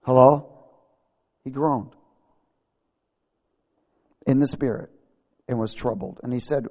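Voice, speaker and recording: A male preacher delivers an emphatic sermon, swinging between loud, pointed declarations and low, pressing asides. He keeps calling out to his listeners for a response, and his voice rings with a long reverb through a large hall. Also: takes it slowly, pauses often, muffled recording. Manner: emphatic, calls for audience response.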